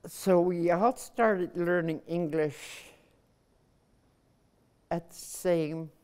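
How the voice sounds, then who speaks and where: Older woman, low voice, unhurried, smooth clear tone, pausing recollection. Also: mellow. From Nunavut, Canada. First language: Inuktitut. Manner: measured, pausing between phrases. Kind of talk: personal recollection.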